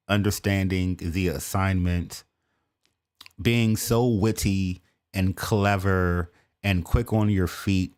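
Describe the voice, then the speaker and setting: American guy reacting on his channel, low voice, unhurried delivery, playful mockery. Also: clear, resonant tone. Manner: animated, mocking asides. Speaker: video reactor. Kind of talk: casual reaction commentary.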